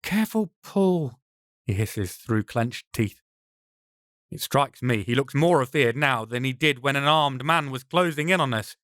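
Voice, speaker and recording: A man narrating his own first-person novel as an audiobook, in a measured, dramatic storytelling manner. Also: mid-range voice, a bit bright, no room sound, studio quality. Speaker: author and narrator.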